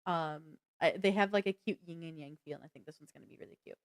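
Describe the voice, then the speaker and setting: A woman's voice: low-pitched, fast talker, clean tone. A woman co-hosting a live gaming news stream, chatty, full of fillers and self-corrections. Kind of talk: casual live-stream chat.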